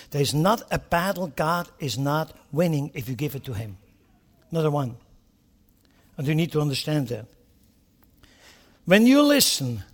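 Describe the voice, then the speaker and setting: High-pitched guy preaching a sermon, gets loud and fired up, asks the crowd questions. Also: long reverb tail. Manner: impassioned, swinging between quiet asides and loud emphatic bursts; talks straight to the congregation with rhetorical questions.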